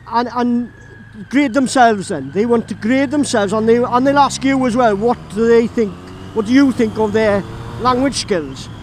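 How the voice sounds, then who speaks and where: High-voiced Welsh man, chatty motovlogger. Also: a little mellow, a little hiss or hum, low-quality recording. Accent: Welsh, Llanelli. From Wales. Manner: chatty, laughs often, rambling. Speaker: motorcycle vlogger. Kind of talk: casual storytelling while riding. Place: on a moving motorbike outdoors.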